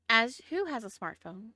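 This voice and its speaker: A woman game master narrates a tabletop game in a casual, halting way, repeating words as she finds them. Her voice is bright and slightly high, recorded close and dry. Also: no room sound. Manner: casual, hesitant, restarts phrases. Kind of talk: tabletop role-play narration.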